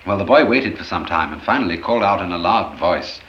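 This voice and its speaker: A man giving an expressive storytelling lecture, acting out the anecdotes as he goes. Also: low-pitched, a little fast. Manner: expressive, animated, acts out stories. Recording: roomy, dull old lecture recording.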